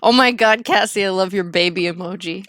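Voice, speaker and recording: A woman's voice: medium pitch, brisk, fairly bright tone, dry recording, soft background music. A young woman streaming a game, chatting casually in a rambling, giggly way with lots of filler words. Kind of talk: casual chat while gaming.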